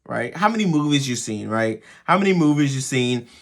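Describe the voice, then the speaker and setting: With an animated, fairly bright mid-range voice, this man speaks a bit quickly as he hosts a show for fathers. He's conversational, repeats words, and keeps asking "right?" as he goes through his advice.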